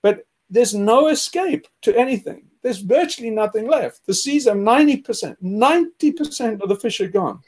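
A man with a high-pitched voice delivers a heated, profane rant as a podcast host. His tone is scornful and emphatic, and bursts of laughter cut through his talk. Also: expressive, moderate pace, hardly any pauses, a little mellow. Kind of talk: ranting discussion.

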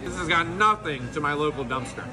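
A man's voice: a little high, expressive, brisk, music in the background, a crowd in the background, lightly acted. A man playing a crude, flirty, cocky Grinch in a public comedy skit, talking brashly. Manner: brash, joking, loud. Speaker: comedian in costume.

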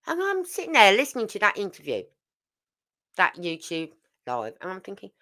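A woman's voice: medium pitch, huge pitch swings, moderate pace, long pauses, a bit bright. An older woman, hosting a true crime channel and giving casual, emphatic commentary full of rhetorical questions.

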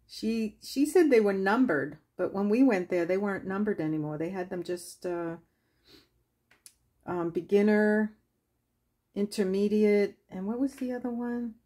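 A woman with a husky, mid-pitched voice talks her viewers through a watercolor painting session. She chats casually and drifts into lively stories, laughing as she goes. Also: a little slow. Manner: chatty, laughs while telling stories. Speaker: craft channel host. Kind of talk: casual craft tutorial chat.

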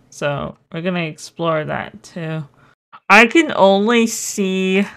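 A young woman hosting a relaxed game commentary, giggly and quick to get excited. Her voice sits fairly low for a woman. She talks at an unhurried pace, thinking aloud as she plays. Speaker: gaming channel host.

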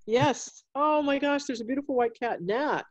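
A woman's voice: high voice, moderate pace. A woman author chatting effusively with guests over a video call from her home. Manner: effusive, gushing over pets. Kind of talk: casual chat on a video call. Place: at home, alone.

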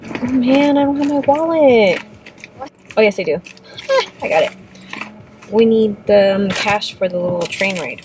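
Woman vlogger just chatting, rambly with lots of likes, medium pitch, bit of faint noise behind. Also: expressive, a little slow, long pauses. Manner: rambling, frequent "like" fillers. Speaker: beauty vlogger. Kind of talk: casual vlog chat to camera.

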